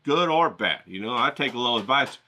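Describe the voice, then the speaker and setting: A middle-aged man rambling casually to his viewers, profane and animated, acting out the voices of the people he quotes. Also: medium pitch, a little fast, a little hiss or hum. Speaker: vlogger painting outdoors.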